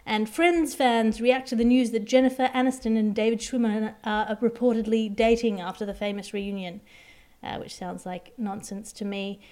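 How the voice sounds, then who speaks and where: A woman hosting a topical comedy podcast, delivering quick, wry, deadpan jokes. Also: on the high side. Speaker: host.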